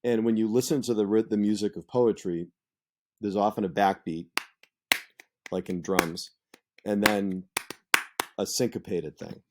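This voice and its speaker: A man's voice: lowish voice, steady tone, measured pace, pauses often, heavy background noise. A man teaching a literature lesson in a conversational, explanatory way, with frequent fillers and asides. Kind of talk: explanatory lecture.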